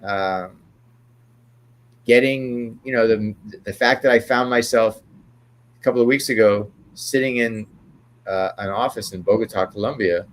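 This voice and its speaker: An older man with a fairly low voice spins long stories as an interview guest. He wanders and restarts, tagging his points with "right?" to keep the listener with him. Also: unhurried, long pauses. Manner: rambling, tags remarks with "right?". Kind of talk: anecdotal storytelling.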